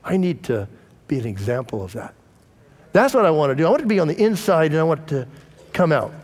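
A man's voice: on the high side, big pitch swings, brisk, darkish tone, in a large hall. A middle-aged man and pastor, preaching a conversational sermon and telling candid personal stories to his congregation. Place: church.

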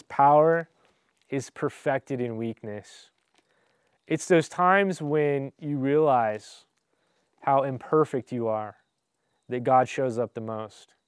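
A man's voice: mid-range voice, smooth, no room sound, studio quality. A pastor preaching a conversational sermon, speaking earnestly and informally, addressing his listeners directly with frequent restarts and rhetorical asides.

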